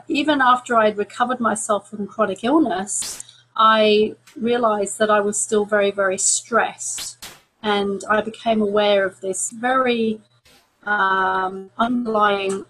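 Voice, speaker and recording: Middle-aged woman, stress coach, calm even delivery, a touch husky. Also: mid-range voice, poor audio. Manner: calm, repeats words for emphasis. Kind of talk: talk to camera.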